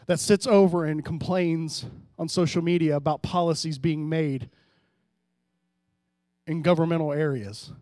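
A man pastor preaching a sermon, swinging between hushed, low passages and loud, emphatic rises, often calling out to the congregation. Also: steady tone, a little slow, no room sound, studio quality. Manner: preaching with sudden drops to quiet and loud rises, calls to the congregation.

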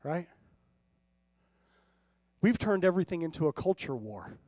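A man's voice: on the high side, big pitch swings, a little slow, mellow, no echo, clean studio sound. A male pastor preaching a conversational sermon, telling humorous stories and often checking in with his listeners. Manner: conversational preaching with frequent audience check-ins; humorous storytelling.

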